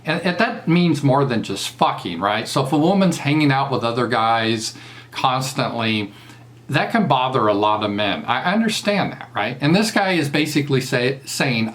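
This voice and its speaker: A man's voice: medium pitch, lively intonation, normal speed, fairly bright tone. A man with a Southern US accent doing a casual commentary monologue, mocking and crude, laughing at his own jokes. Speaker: political commentator.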